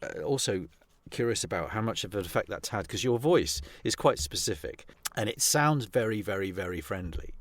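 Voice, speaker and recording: A middle-aged male host with a lowish voice who interviews his guest casually and chimes in with quick encouraging yeses. The recording is dry and close. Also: expressive, no echo. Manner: encouraging, short affirmations. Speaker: podcast host.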